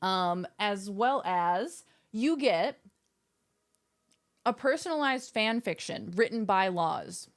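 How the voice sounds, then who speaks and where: A young woman hosts a casual livestream from her home setup. She rambles playfully to her viewers with goofy asides, and her voice sits at an ordinary middle pitch. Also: lively intonation, takes it slowly. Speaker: live streamer. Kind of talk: casual chat with stream viewers.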